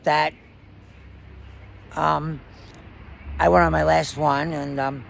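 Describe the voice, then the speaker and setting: A man's voice: on the high side, little pitch movement, slow pace, gravelly, fairly bright tone, slight background noise. A man in a raw personal monologue, rambling, emotionally distressed and swearing often. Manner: profane.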